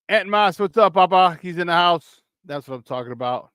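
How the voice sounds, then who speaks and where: A man's voice: high-pitched, expressive, brisk, fairly bright tone, clean tone, no room sound. A man with a Chicago accent hosting a casual live-streamed sports talk show, riffing animatedly and greeting chat viewers by name.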